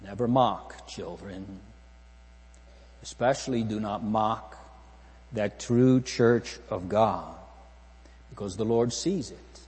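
A man's voice: fairly low pitch, slow, long pauses, a little mellow, husky, big-room sound. A man preaching a solemn sermon in a church, asking the congregation repeated rhetorical questions.

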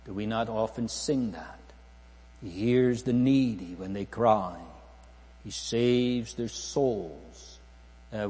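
A man's voice: mid-range voice, darkish tone, long reverb tail. A man preaching a solemn sermon in a church, asking the congregation repeated rhetorical questions.

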